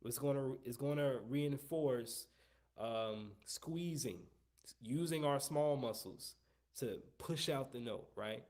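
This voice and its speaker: A man's voice: medium pitch, darkish tone. Long-winded man teaching trumpet. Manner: long-winded, repeats himself, coaching tone. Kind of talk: live online music lesson.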